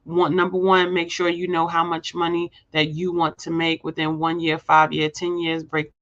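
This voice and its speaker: A woman giving a motivational live-stream talk with preachy emphasis, circling back to repeat her points and checking in with "right?". She speaks straight to her viewers and calls them "y'all". The audio is dull and muffled, like a low-fi stream. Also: flat delivery, normal speed, fairly bright tone. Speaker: host of a live show; healthcare staffing agency owner.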